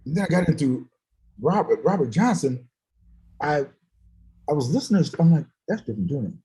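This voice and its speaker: A man in a casual chat tells stories with lots of laughter and acts out the people he quotes. His voice sits a little high for a man and swings a lot from line to line. He sounds like he is on a video call. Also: normal speed, low-quality recording. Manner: animated, laughing storyteller who acts out quotes. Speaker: guest musician.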